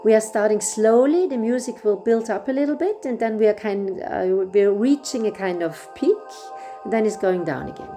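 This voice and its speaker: A middle-aged woman whose first language is German, guiding a breathwork session in a gentle, unhurried way with small restarts. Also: mid-range voice, lively intonation, soft background music. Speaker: breathwork facilitator. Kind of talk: guided breathwork instruction.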